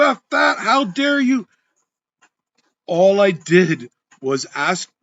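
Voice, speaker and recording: A man who hosts a real estate podcast, telling a story in a high, lively voice that swings widely. His tone is a bit husky, and he acts out both sides of a quarrel. The recording sounds dull and lo-fi. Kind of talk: storytelling monologue.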